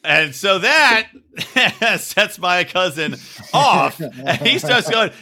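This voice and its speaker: A man hosting a podcast, telling a crude story in an animated way and shouting when he acts out quotes. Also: sits high, slow pace, slightly rough. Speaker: podcast host.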